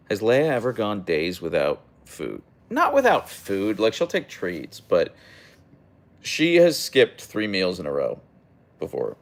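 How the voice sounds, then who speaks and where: A man's voice: low-pitched, vocal fry. A young man hosting a casual livestream, reading chat aloud and answering in a rambling, hesitant way with many fillers and restarts.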